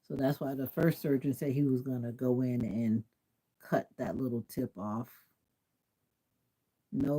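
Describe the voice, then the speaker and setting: A woman's voice: a bass voice, mellow, husky, poor audio. A woman from Jamaica chatting casually on a livestream, answering viewers' comments and laughing often. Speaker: livestream host. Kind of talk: casual live-stream chat.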